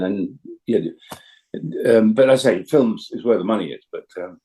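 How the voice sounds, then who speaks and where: An older actor as a guest, chatting casually and telling anecdotes with lots of fillers and restarts. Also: male voice, lowish voice, normal speed, mellow, rough recording. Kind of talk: casual interview chat.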